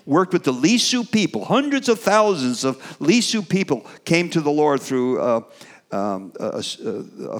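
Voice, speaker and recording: A middle-aged man with a slightly high voice preaches a sermon with animation. He builds to emphatic peaks, then trails off with fillers in between.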